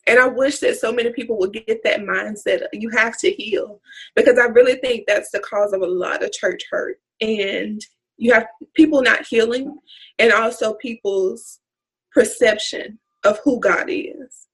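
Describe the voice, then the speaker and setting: A woman's voice: fairly high pitch, a little slow, husky, rough recording. A woman co-hosting a faith podcast, talking casually and earnestly. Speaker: podcast co-host.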